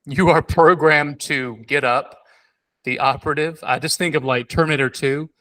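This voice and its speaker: A podcast host tells an animated personal story in casual conversation, his on-the-high-side voice bright and pushing at a normal speed. He stumbles, restarts and piles on filler words as he goes.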